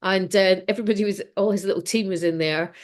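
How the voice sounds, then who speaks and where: A middle-aged Scottish woman chats as a podcast guest. She tells stories in a quick, self-mocking way and laughs easily at her own past. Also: mid-range voice, fairly even intonation. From Scotland. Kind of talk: casual podcast interview.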